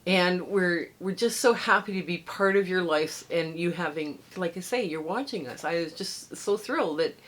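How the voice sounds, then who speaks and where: A woman's voice: on the low side, moderate pace, few pauses, fairly bright tone, low-quality recording. A middle-aged woman hosting a quilting channel, chatting casually and rambling a bit as she shows a quilt top in her sewing room. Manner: chatty, rambling, friendly sign-off. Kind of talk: casual show-and-tell vlog.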